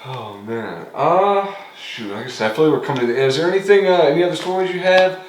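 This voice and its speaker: A man's voice: on the high side, expressive, fast. A man hosting a podcast interview, laid-back and chatty. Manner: laid-back, lots of "like" fillers, laughs along. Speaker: podcast host. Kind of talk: casual interview chat. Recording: roomy echo, faint noise.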